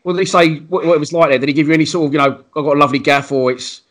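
Quick, matey interviewer. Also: male voice, on the high side. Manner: matey, casual questions. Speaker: interviewer, podcast host. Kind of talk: casual interview chat.

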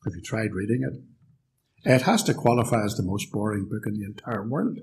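A man's voice: on the low side, lively intonation, normal speed, creaky, a little mellow, a little hiss or hum, rough recording. A man from the United Kingdom giving a live lecture in a church, sardonic and fond of rhetorical questions. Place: church hall.

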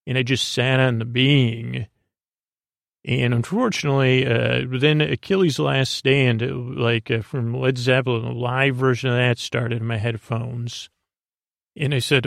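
Gravelly man rambling a bedtime story. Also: medium pitch, little pitch movement, no room sound, studio quality. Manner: meandering, halting, many fillers and restarts. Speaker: host of a sleep story podcast. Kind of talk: improvised bedtime story narration.

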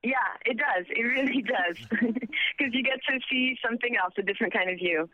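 A young woman calling into a radio show by phone, warm and relaxed with many fillers. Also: on the high side, fairly quick. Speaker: caller, guest on phone. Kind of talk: radio interview. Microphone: telephone. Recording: tinny phone line.

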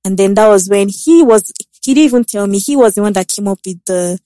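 A young woman, telling a personal story in casual chat, animated and laughing often. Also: medium pitch, fairly quick, no room sound, clean studio sound. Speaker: guest.

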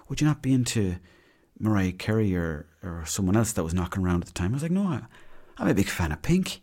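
A man's voice: lowish voice, darkish tone. A man hosting a solo podcast, rambling and chatty, with a self-deprecating manner. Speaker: podcast host. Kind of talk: casual solo podcast monologue.

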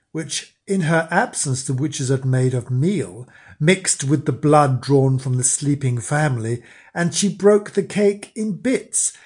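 Slow, husky fairy-tale storyteller. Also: male voice, fairly high pitch, darkish tone. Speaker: storyteller host. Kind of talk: scripted fairy tale narration.

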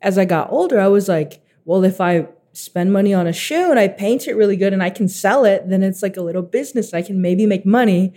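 An eighteen-year-old man telling stories as a guest, animated, laughing often and acting out what others said. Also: sits high, brisk, hardly any pauses. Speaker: guest artist. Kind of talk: casual storytelling.

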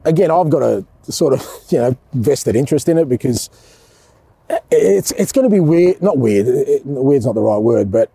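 Australian manager type, middle-aged, dark mellow husky tone, chatty and laughing. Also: male voice, medium pitch, moderate pace, dry recording. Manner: chatty, animated, laughs often, says mate a lot. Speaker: football club manager. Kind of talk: casual chat.

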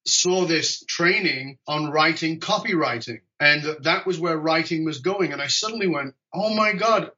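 Man, podcast guest, bright forceful voice, animated storytelling, dull video-call audio. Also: on the high side, moderate pace, hardly any pauses. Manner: animated, jokey, acts out quoted dialogue. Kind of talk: conversational storytelling.

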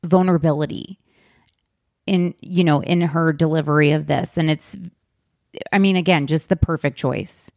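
A woman hosting a podcast in casual, chatty conversation, animated and full of fillers. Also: sits low, normal speed, pauses often, no room sound, clean studio sound. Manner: chatty, animated, heavy use of "like". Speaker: podcast host.

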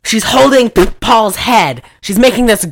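A woman hosting a casual chat, rambling through a movie recap, often laughing and clearing her throat. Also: fairly high pitch, a little slow, a little hiss or hum. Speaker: podcast host.

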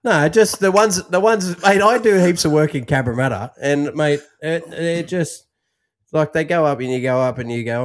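A man's voice: a little high, moderate pace. An Australian man co-hosting a podcast, trading laughing, blokey banter. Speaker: podcast co-host. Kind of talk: casual chat.

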